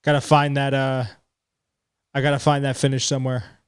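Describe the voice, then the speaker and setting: A man hosting a live commentary stream, chatting casually and talking to himself as he reacts, his voice going hoarse. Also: medium pitch, level tone, moderate pace.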